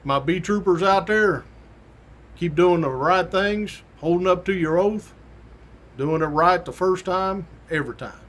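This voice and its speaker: Middle-aged male host, folksy storyteller, slightly high voice, plays the people in his stories. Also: measured pace, fairly bright tone. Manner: folksy, acts out quoted voices with rising pitch. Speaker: podcast host, retired state trooper. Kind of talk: casual storytelling monologue.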